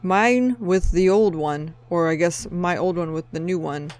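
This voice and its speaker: A woman's voice: on the low side, a little slow, darkish tone. A woman chatting casually in a car repair vlog, rambling with jokey asides. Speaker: DIY car repair vlogger. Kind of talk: casual chat. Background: background music.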